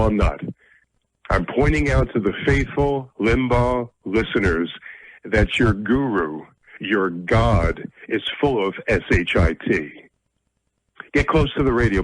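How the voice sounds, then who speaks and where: A man's voice: lowish voice, no echo, rough recording. Blunt, combative male talk radio host. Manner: blunt, combative, self-deprecating.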